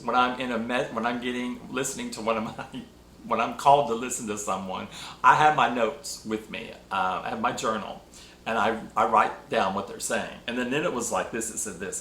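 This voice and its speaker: A man hosting a spiritual talk show, telling a personal story with emotional, animated delivery. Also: medium pitch, moderate pace, a little hiss or hum. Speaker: podcast host. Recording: echoey room.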